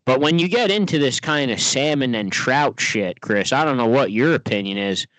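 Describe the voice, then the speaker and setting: Casting male podcast co-host, eager quick talker, dry close-mic sound. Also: mid-range voice, expressive, a bit bright, no room sound, poor audio. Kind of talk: casual chat.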